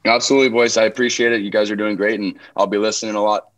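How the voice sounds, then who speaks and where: A man's voice: fairly low pitch, flat delivery, very fast, fairly bright tone. A man from Canada, a hockey player guest, telling easygoing, self-mocking stories in casual interview chat.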